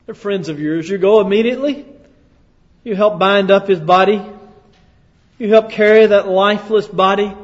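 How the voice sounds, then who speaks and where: Man preaching a sermon, kinda high voice, big echoey hall, dull lo-fi sound, goes hushed then loud. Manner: dramatic second-person storytelling, swinging from hushed to loud.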